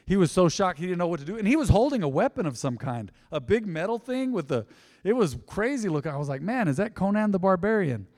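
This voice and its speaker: Emphatic pastor with a long reverb. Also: male voice, high-pitched, sing-song, quick pace. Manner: emphatic, swings between loud peaks and hushed drops. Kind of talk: sermon. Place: church sanctuary.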